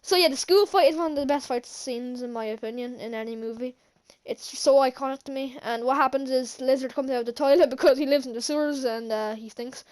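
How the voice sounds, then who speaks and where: A woman's voice: high voice, brisk, few pauses, darkish tone. A woman casually recapping a movie for her vlog, rambling with many fillers and restarts and chuckling now and then. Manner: chuckles often while recounting scenes. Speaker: channel host, film reviewer.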